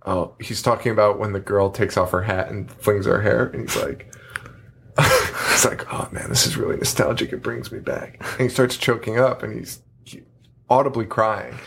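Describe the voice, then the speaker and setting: A man's voice: mid-range voice, a little hiss or hum. A man co-hosting a podcast, chatting casually, rambling and swearing, often laughing. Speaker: podcast co-host. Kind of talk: casual chat.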